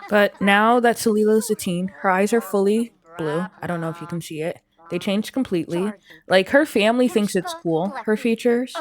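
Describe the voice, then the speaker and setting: A woman casually commenting on her life-sim gameplay, chatty and rambling, filling gaps with "like". Her pitch sits in a middle range. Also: normal speed. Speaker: gaming YouTuber.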